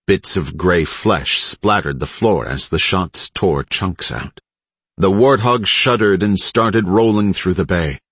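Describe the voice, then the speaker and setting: Low, husky male audiobook narrator. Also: slow pace, a bit bright, no echo. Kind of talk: scripted narration.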